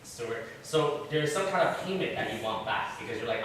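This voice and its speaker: A man's voice: mid-range voice, animated, moderate pace, fairly bright tone, a little hiss or hum. A man leading an interactive Bible class in a church room, questioning his listeners in a chatty way. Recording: very echoey room, far from mic.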